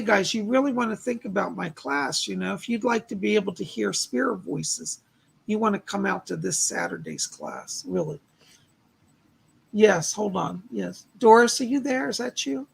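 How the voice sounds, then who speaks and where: Man, psychic medium, hoarse, gravelly, husky, live-stream readings, thanks donors. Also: sits high, a bit bright. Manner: relays spirit messages, thanks donors by name. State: losing his voice, clearing his throat.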